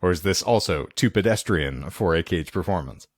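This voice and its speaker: A man's voice: low voice, lively intonation, normal speed, no room sound. A man co-hosting a podcast, chatting casually and rambling through film plot recaps with lots of fillers. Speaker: podcast co-host. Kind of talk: casual chat about films.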